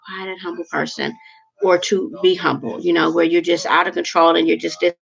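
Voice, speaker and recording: A woman's voice: on the low side, level tone, fairly quick, creaky, fairly bright tone, highs cut off. A woman in her forties telling a personal story to camera in a chatty, rambling, emotional way with lots of fillers. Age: 40s. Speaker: vlogger.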